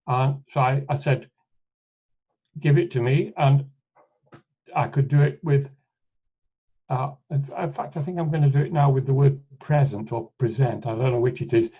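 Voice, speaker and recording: A man presenting a live software demonstration in a webinar, thinking aloud as he clicks through steps and often restarting his sentences. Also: medium pitch, steady tone, normal speed, slightly rough. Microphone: computer mic on a video call. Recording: dull lo-fi webinar audio.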